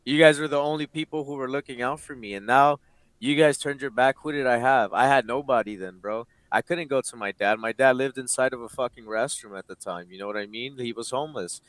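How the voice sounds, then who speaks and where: Male guest, late twenties, emotional storyteller, swears a lot, smooth resonant voice, dry close recording. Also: mid-range voice, brisk, a bit bright, dry recording. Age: late 20s. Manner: emotional, swears freely, acts out quoted dialogue. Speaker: interview guest. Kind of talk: candid personal storytelling.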